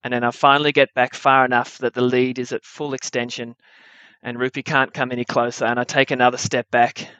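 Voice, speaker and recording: A young man with a mid-pitched voice briskly tells a true adventure story at a live story slam, landing jokes with wry, animated ease. The audio sounds a bit muffled and dry, with no echo from the room.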